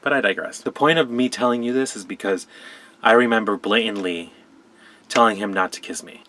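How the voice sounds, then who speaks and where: A young man from Colombia telling a personal story to camera, soft-spoken and hesitant, often restarting his sentences. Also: on the low side. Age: young adult. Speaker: vlogger. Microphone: camera mic.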